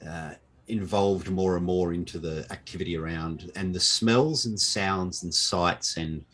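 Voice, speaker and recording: A man's voice: deep voice, a little slow, fairly bright tone. A man narrating a tabletop game as game master, describing the scene with frequent fillers over an online call.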